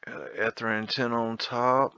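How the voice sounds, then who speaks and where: A man's voice: medium pitch, flat delivery, normal speed, sharp tone, clean tone, no room sound, highs cut off. A man hosting a casual photo tour, rambling, blunt and profane, with a folksy drawl. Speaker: video host.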